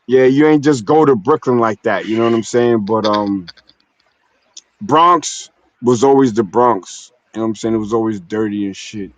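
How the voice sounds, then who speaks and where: A New York City man hosts a casual streamed talk, telling stories in loose slang and often tossing in "you know what I'm saying." His voice is fairly low at a moderate pace, and the streamed audio sounds dull and dry.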